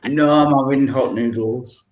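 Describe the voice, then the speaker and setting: A man's voice: mid-range voice, steady tone, a little slow, darkish tone. A man in a casual chat, joking and laughing.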